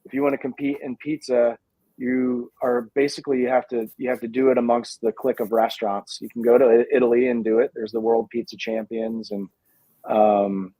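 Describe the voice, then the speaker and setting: A pizza dough company founder, appearing as a guest on a casual video chat, speaks thoughtfully and hedges a lot, filling his talk with fillers. His medium-pitched voice is dark in tone, fairly flat, and a little fast. The recording is dry, with a dull lo-fi quality.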